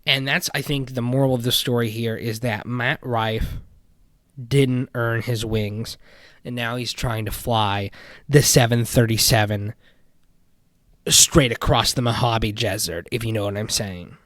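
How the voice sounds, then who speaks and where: A young man hosting a casual podcast, commenting on paranormal community drama with animated indignation that drops into muttering. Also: mid-range voice, measured pace, dry recording, studio quality. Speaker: podcast host.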